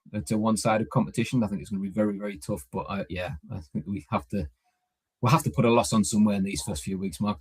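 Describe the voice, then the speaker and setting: Co-host, husky and lowish, halting casual talk. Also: male voice. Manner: halting, restarts often. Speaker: podcast co-host. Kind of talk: casual podcast chat.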